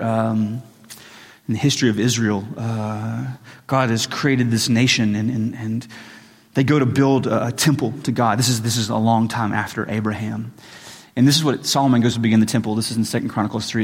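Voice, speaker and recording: Husky guy preaching, earnest, lots of echo from a big hall. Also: medium pitch. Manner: earnest, with frequent restarts and rising intensity in readings. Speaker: pastor. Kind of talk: sermon. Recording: long reverb in a large hall.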